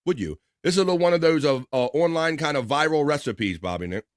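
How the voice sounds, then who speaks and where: A man's voice: fairly high pitch, expressive, quick pace, no echo, clean studio sound. A man hosting a casual live stream, rambling, laughing often and restarting his sentences. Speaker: livestream host.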